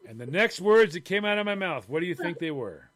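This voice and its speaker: A man's voice: high-pitched, very animated, fairly quick, a bit bright. A man co-hosting a podcast, telling a self-mocking story in casual chat and acting out the other voices. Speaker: podcast co-host.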